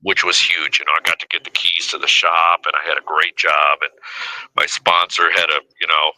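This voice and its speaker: A man's voice: low voice, little pitch movement, normal speed, pushed and bright, rough recording. A man in his fifties telling his story as a guest in a casual interview, rambling and heavy with fillers. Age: 50s. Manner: rambling, heavy with "you know" and "uh". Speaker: podcast guest.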